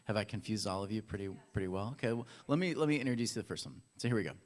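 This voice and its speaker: A man's voice: on the low side, expressive, very fast. A man preaching a casual, playful sermon in a church, talking straight to the congregation. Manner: playful, chatty, addresses the congregation directly. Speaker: pastor. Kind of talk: casual sermon with audience games. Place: church hall.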